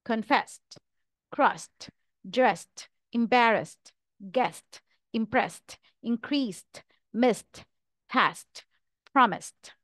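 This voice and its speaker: A woman teacher drills English pronunciation, speaking each word very slowly and with careful enunciation. Her voice sits a little high. The recording is dry and close, with no room sound. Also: a bit bright, no room sound. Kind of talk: slow, deliberate pronunciation drill.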